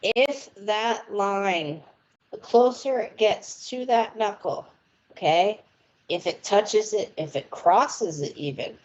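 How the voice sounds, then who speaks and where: An American woman gives palm readings in a slow, unhurried, rambling manner, breaking into frequent laughter as she goes. Her voice comes over a dull, lo-fi internet stream. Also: lowish voice. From United States. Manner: chatty, rambling, laughs often. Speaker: palm reader and tarot reader. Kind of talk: casual live-stream reading. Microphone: remote internet connection.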